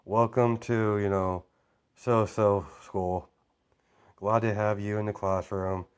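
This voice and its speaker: A man's voice: on the low side, little pitch movement, slow pace, smooth. A man voicing a bored, rude female teacher who rambles dismissively with fillers.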